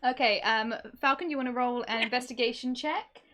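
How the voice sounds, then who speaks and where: A woman's voice: a little high, a little fast, noisy background. A woman running a tabletop game on a live stream, narrating casually with many ums. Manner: rambling, many ums, chatty. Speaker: game master.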